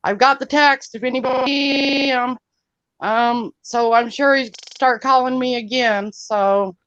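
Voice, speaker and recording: A woman's voice: high-pitched, steady tone, measured pace, fairly bright tone, clean tone. A woman calling into a live stream, upset and swearing, then apologizing for it. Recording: dry, muffled lo-fi call audio.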